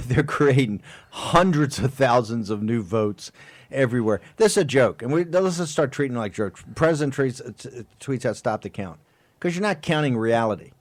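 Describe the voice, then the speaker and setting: A man's voice: mid-range voice, lively intonation, no echo. Fiery male talk radio host. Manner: emphatic, rapid-fire rhetorical questions.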